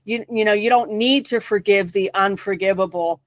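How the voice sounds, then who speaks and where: A woman guest in an interview, earnestly telling a personal spiritual story with emphatic pauses. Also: medium pitch, dry recording.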